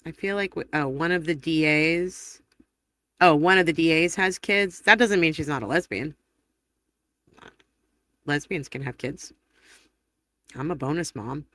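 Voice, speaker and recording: A woman hosting a casual live stream, rambling through viewer comments with quick laughs and self-corrections. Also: low voice, fairly bright tone, dry recording. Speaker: livestream host. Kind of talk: casual livestream chat, reading viewer comments aloud.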